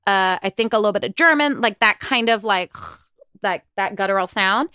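A woman's voice: medium pitch, animated, moderate pace, bright, forceful tone, clear, resonant tone, dry recording. A woman co-hosting a podcast in casual chat, teasing with dry comebacks. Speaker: podcast co-host.

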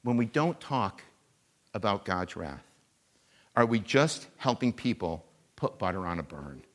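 A man preaching a sermon as a guest preacher. He speaks in a conversational, animated way and pokes fun at himself. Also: lowish voice, measured pace. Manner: conversational, animated, self-deprecating.

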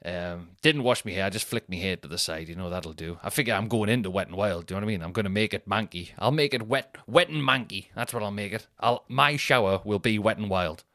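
A man in his thirties tells a comic story, rambling and poking fun at himself. His voice sits fairly low. The sound is close and dry, with no room around it. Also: quick pace, hardly any pauses, bright, forceful tone, no room sound. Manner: rambling, self-mocking, chatty. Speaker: podcast host.

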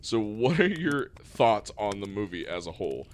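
A man's voice: lowish voice, very animated, moderate pace. A man co-hosting a podcast, talking loosely and profanely in casual chat about a film. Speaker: podcast co-host.

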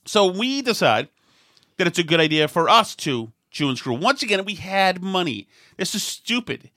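A middle-aged man spins a rambling, self-mocking anecdote, his bright voice swinging up and down in pitch as he acts out the people shouting at him. The sound is close and dry, with no room around it. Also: very animated, normal speed, dry recording. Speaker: storyteller. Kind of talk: casual anecdote.

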